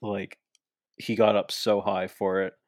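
A young man talks through a wrestling card with a chatty, animated energy. His voice sits low, and the room sounds dry and close. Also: unhurried, no room sound. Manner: chatty, animated, acts out quoted lines. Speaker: podcast co-host. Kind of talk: casual wrestling recap chat.

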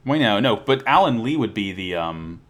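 Excited, lively man recapping an episode. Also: lowish voice. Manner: excited, swears a lot, quick restarts. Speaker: podcast host. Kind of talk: casual chat and episode recap.

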